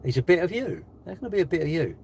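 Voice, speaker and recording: A man's voice: on the high side, racing, vocal fry, a little hiss or hum. Sarcastic British man on a live stream. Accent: British English. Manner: sarcastic, mocking and lively. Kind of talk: live stream, reading and answering comments. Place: in a car while charging it.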